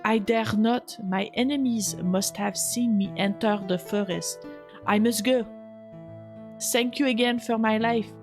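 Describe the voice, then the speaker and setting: A woman's voice: mid-range voice, normal speed, few pauses, music in the background, lightly acted. A woman voicing a gracious young noble lady with a put-on French accent and formal, old-fashioned speech. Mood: earnest.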